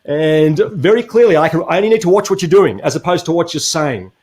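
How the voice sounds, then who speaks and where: A man's voice: a little high, animated, fast, darkish tone. Earnest man coaching. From Australia. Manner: earnest, coaching, asks rhetorical questions. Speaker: motivational speaker. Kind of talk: webinar conversation.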